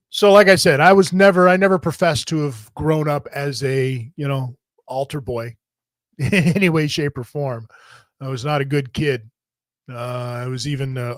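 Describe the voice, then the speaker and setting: A man's voice: mid-range voice, normal speed, no room sound. A man hosting a talk show, telling a story in a casual, profane and jokey way. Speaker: host.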